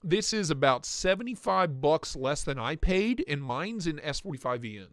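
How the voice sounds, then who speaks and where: Very animated at a normal speed, a man with a higher voice jokes his way through knife listings on a casual live stream, playing up mock indignation. He's audibly congested, and the recording is dry and studio quality.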